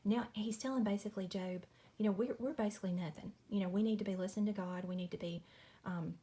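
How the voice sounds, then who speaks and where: A woman's voice: medium pitch, fairly even intonation, quick pace, warm tone. A woman, chatting casually through a Bible study at home at night, apologetic and friendly, saying y'all. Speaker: Christian video host.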